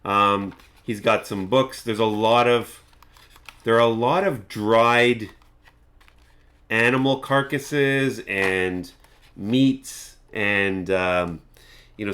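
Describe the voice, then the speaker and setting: Low-voiced man running a tabletop game. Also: a bit bright. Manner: meandering, restarts sentences while describing. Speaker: game master. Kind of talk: describing scenes in a tabletop game.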